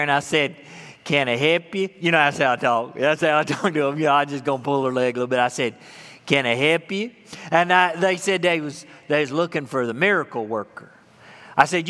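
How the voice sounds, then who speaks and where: A man's voice: on the high side, pushed and bright, in a large hall. Man doing a teasing small-town jokester. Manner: playful, drawling storyteller teasing strangers. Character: folksy small-town man who loves to tease.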